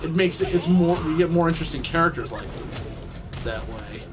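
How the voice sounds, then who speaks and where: Man, lively pitch, sarcastic crude gameplay commentary, game music behind. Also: brisk. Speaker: let's play host.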